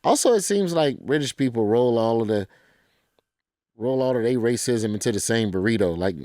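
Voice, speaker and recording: A man's voice: mid-range voice, animated, normal speed, dark tone, dry recording, studio quality. A man who is a comedian, talking loosely and jokingly in slangy, storytelling bursts on a podcast. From American South. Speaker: comedian guest. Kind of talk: casual podcast conversation.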